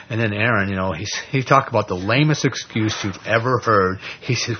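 A man teaching an informal Bible study, retelling scripture in a conversational, animated way with plenty of fillers. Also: mid-range voice, normal speed, a little hiss or hum. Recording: dull lo-fi recording.

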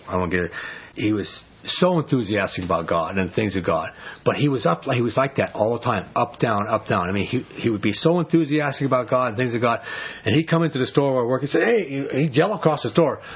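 Middle-aged male Bible study teacher, husky, rambling conversational delivery on a dull recording. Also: mid-range voice, animated, brisk. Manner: conversational, rambling with restarts, rises for emphasis. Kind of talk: informal Bible study sermon.

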